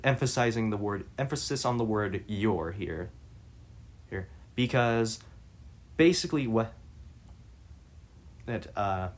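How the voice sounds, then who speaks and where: Low-voiced man musing haltingly. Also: expressive. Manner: halting, many restarts and fillers. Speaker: reader and commentator. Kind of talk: reading aloud and commenting.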